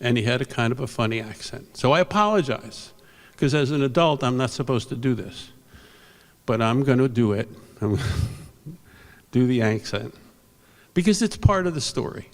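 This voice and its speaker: A man's voice: mid-range voice, moderate pace. An older man giving an award speech at a convention. He tells rambling anecdotes and acts out what people said. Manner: rambling storyteller, animated quotes. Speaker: award presenter. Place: convention hall stage. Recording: reverberant hall.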